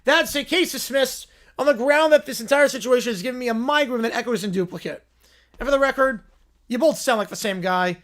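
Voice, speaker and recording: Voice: mid-range voice, fairly quick, a bit bright, lightly acted. A reader playing an exasperated adult judge who speaks in a weary, blunt way.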